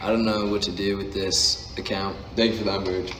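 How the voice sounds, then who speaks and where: A man's voice: deep voice, level tone, normal speed, fairly bright tone, slight background noise. A young man joking and teasing his way through a casual live-stream chat from a bedroom. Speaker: social media creator. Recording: roomy echo, distant mic, music behind.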